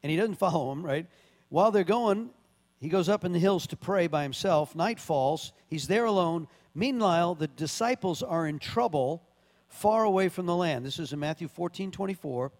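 Male pastor, high voice, conversational sermon with sudden emphatic bursts, long hall reverb. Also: lively intonation, moderate pace, darkish tone. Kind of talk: sermon with scripture reading.

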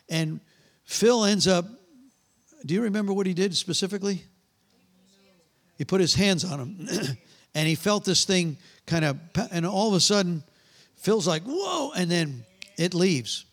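A middle-aged man preaching, telling animated stories and acting out the voices, often trailing off mid-sentence. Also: high-pitched, measured pace, pauses often. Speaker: pastor. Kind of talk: sermon with storytelling and prayer.

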